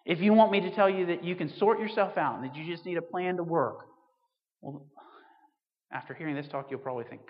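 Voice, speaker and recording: A man's voice: on the high side, a little fast, big-room sound, muffled recording. A man preaching a sermon as a vicar, earnest and storytelling, building to emphatic points.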